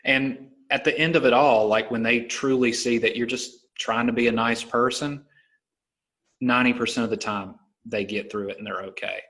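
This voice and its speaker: A man's voice: mid-range voice, normal speed. A man with a Southern American accent, a stand-up comedian hosting a podcast, telling stories in loose casual talk full of "like" and "you know". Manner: relaxed storytelling, many fillers like "like" and "you know". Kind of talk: casual conversation.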